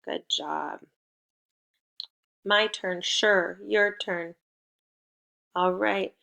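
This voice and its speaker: This woman's mid-range voice is creaky yet pushed and bright as she leads a recorded phonics lesson for little kids. Letters get spelled out slowly, and she keeps a playful call-and-response going.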